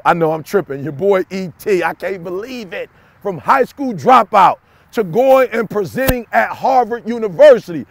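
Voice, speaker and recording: A young adult man giving a preachy, repetitive motivational talk to camera, swinging from shouts to low confiding tones. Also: creaky, no echo. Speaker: motivational speaker.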